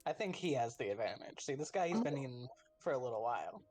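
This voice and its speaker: A man's voice: mid-range voice, sing-song, fast talker, a little mellow, no room sound, soft background music. A man playing a tabletop game, talking bluntly with lots of swearing and jokes. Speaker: player.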